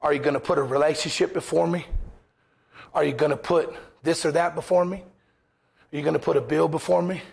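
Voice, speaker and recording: A man's voice: on the high side, steady tone, fairly quick, vocal fry, long pauses, a little mellow, breathy edge. A man preaching a sermon as pastor in a church, impassioned, firing rhetorical questions and acting out quoted voices.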